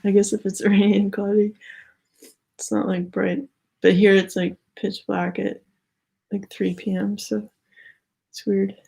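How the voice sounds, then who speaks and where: A woman's voice: medium pitch, level tone, unhurried, creaky, long pauses, dark tone, breathy edge. A young adult woman giving a casual spiritual tarot reading, rambling with many "like" fillers and slightly out of breath. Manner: rambling, heavy use of "like" fillers. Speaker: tarot card reader.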